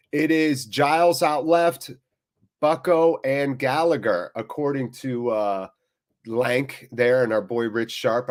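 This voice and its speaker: A man hosts a live football watchalong, talking straight to his viewers in an easy, chatty flow. His delivery is rambling and full of jokes, and his voice sits at an ordinary middle pitch for a man. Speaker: live-stream host. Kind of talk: casual live watchalong chat.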